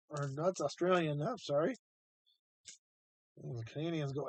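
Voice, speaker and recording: A man's voice: on the high side, expressive, slow, pauses often, a little mellow, no echo. A man hosting a live stream, chatting casually and rambling as he thinks aloud while sorting coins.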